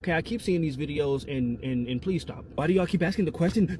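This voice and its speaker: A man delivers casual commentary at a quick clip, lively and joking. His voice sits a little high, and he keeps firing rhetorical questions at the viewer. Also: slight background noise. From United States.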